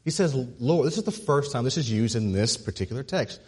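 A male pastor preaching a sermon, repeating words as he builds to a point and dropping low and soft on key phrases. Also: very animated, fast talker. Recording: husky voice with long hall reverb.

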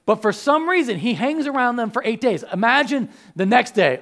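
A man preaching a sermon as a pastor, animated and joking, acting out the voices of biblical figures. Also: very high-pitched, moderate pace, few pauses.

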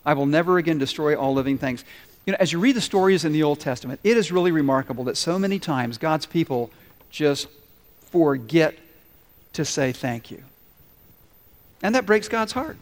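Man preaching, high voice, lively and playful delivery, long reverb of a church hall. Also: normal speed, long pauses. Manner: animated, playful preaching with acted-out asides. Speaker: pastor. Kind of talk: sermon. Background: congregation responding.

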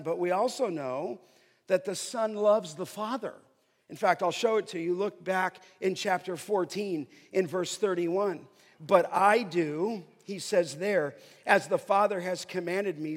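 A man preaching an expository sermon, emphatic, slowing down to stress key phrases as he reads scripture. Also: high-pitched. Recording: long hall reverb.

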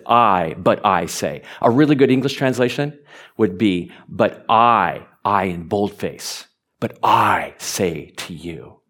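A man preaching a sermon, animated, stumbling over repeated words and rising to emphatic peaks. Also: lowish voice. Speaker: pastor.

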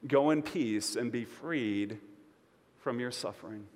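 A man's voice: medium pitch, slow pace. Male pastor preaching in a hall. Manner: expressive preaching with conversational asides. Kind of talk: sermon.

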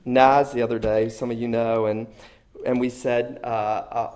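A man's voice: medium pitch, flat delivery, a little slow, darkish tone. A man preaching a sermon to a congregation, earnest and emphatic, often repeating his key phrases. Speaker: pastor.

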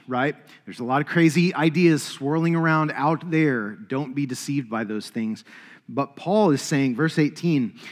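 Man, pastor, conversational sermon delivery, mid-pitched, big reverberant church hall. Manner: casual storytelling with frequent fillers.

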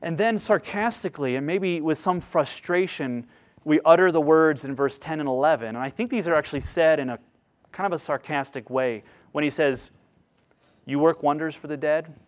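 A man preaching a sermon with passion, swelling loud on key phrases and dropping to a hushed, slow delivery. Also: a little high. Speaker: pastor.

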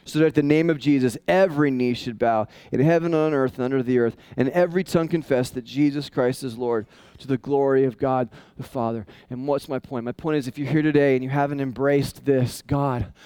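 A male pastor preaching a casual, conversational sermon that swings into high, excited tones. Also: a little fast, few pauses, clean tone, no echo.

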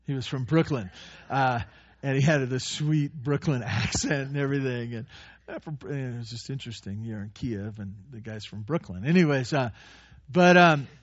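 A man preaching a sermon as a pastor, telling stories and growing animated when he quotes. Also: mid-range voice, normal speed, no room sound. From United States. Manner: storytelling, animated when quoting. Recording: dull lo-fi dry sound.

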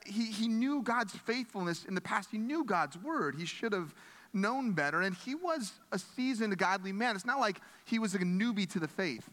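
A male pastor delivers a sermon in an earnest, conversational voice, often circling back and restarting his phrases. His voice sits a little high for a man. The sound carries a long reverb, as in a large hall. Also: a bit bright.

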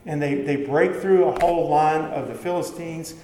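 In an echoey hall with faint background ambience and a little hiss or hum, a man gives a conversational sermon in which he asks questions and answers them himself. His voice is a little high and dark, with a steady tone and a moderate pace.

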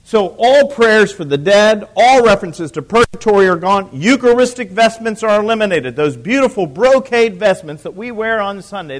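A man with a voice pitched a little high gives a lecture to a class in the room. He hammers home points by repeating them and keeps putting questions to his listeners. Dry, teasing asides break up the teaching. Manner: emphatic, repeats key points, asks the audience questions. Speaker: church history lecturer.

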